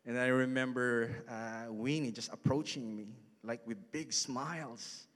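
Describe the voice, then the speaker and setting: A man's voice: mid-range voice, fairly even intonation, measured pace, a bit bright. A man in his thirties preaching a casual storytelling sermon in a church hall, chatty and full of asides to the congregation. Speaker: pastor.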